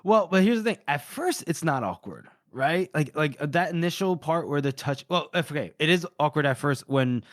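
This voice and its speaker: A man's voice: on the high side, expressive, moderate pace, hardly any pauses, no room sound. Laughing man retelling scenes, dry sound. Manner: retells scenes with frequent laughter and acted quotes. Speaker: podcast co-host. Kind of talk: casual book discussion.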